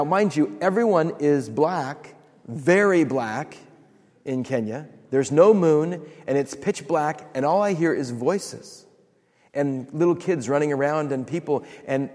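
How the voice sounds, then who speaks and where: A man's voice: fairly high pitch, darkish tone. Storytelling male preacher, echoing hall. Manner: storytelling with dramatic pauses and laughs. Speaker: pastor. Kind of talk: sermon. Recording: long reverb of a large hall.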